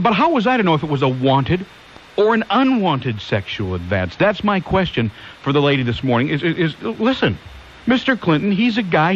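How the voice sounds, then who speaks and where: A man hosting a conservative call-in talk radio show who rambles and keeps asking listeners rhetorical questions. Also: high-pitched. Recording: hissy lo-fi 1990s AM radio.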